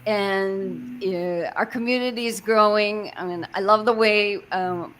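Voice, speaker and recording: Woman host on a video call, mid pitch, friendly, hesitant, faint background noise. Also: fairly even intonation, measured pace, a bit bright. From Arizona. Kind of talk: livestream interview.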